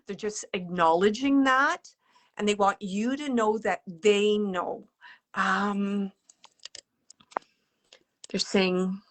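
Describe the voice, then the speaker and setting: A woman giving live mediumship readings to an audience, speaking gently and haltingly, often dropping to a whisper. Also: mid-range voice. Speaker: psychic medium.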